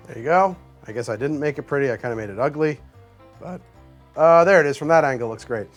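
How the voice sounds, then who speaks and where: A man hosting a cocktail show, reviewing bad drinks with theatrical disgust and deadpan asides. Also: on the high side, quick pace, soft background music.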